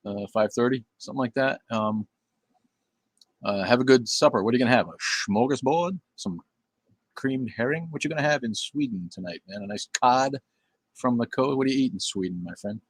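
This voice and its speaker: A man's voice: medium pitch, a little fast, husky, dry recording. Blunt, profane man chatting on a livestream. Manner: blunt, profane, rambling with many fillers. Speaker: livestream host. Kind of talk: casual livestream chat reading viewer comments.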